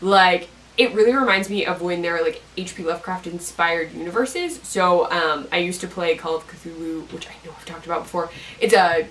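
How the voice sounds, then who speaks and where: A woman's voice: lowish voice, normal speed, few pauses, a bit bright, recorded from a distance, a little hiss or hum, low-quality recording. A young woman vlogger in casual chat about a podcast she likes, rambling with lots of fillers and self-corrections.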